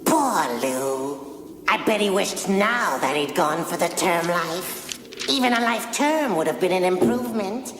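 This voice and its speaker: An actor playing a cackling, gleeful male crypt-dwelling ghoul who hosts a horror show with drawn-out, punning lines. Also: high-pitched, animated. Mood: gleeful mocking. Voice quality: gravelly, cackling. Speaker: horror anthology host. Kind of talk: campy horror-show hosting. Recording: noisy clip with long reverb.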